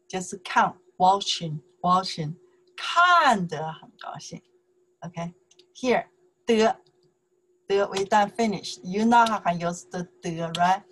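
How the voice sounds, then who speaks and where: A woman's voice: mid-range voice, a bit bright, slight background noise. A woman with a Mandarin Chinese accent teaching a language lesson in English, patiently repeating phrases and checking in with "okay?".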